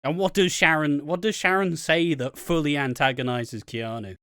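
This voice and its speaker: A British man co-hosting a podcast, recapping a soap episode in casual, excitable chat, swearing a lot and acting out the characters' lines. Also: a little high, moderate pace, clear, resonant tone, dry recording, clean studio sound. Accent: British English. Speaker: podcast co-host.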